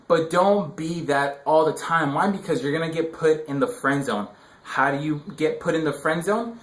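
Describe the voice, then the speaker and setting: Young guy, slightly high voice, loose rambling slang, roomy echo on the mic. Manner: rambling, filler-heavy slang. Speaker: dating advice vlogger. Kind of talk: casual advice monologue.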